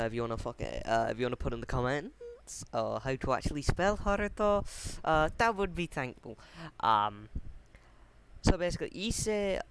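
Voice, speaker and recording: A man casually retelling a fan story off the cuff, halting often with fillers, restarts and casual swearing. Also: mid-range voice, slight background noise.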